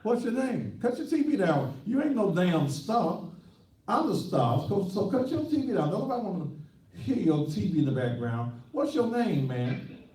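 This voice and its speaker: Male preacher host, brash and mocking, swooping lively delivery, echoey room, set back from the mic. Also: high-pitched, normal speed, far from the mic. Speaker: pastor hosting a call-in show. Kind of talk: call-in talk show rant.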